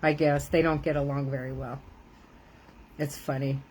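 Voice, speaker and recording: A woman's voice: sits low, fairly even intonation, a little fast, a little mellow, slight background noise, poor audio. An older woman, a grandmother, chatting casually and rambling while she crafts on a live stream, laughing often.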